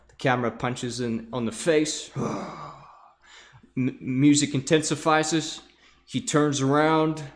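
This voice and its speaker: Male lecturer, mid-pitched, walks through a storyboard, makes the sound effects himself, stumbles over repeated words. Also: fairly bright tone. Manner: acts out scenes with vocal sound effects; repeats words while searching for them.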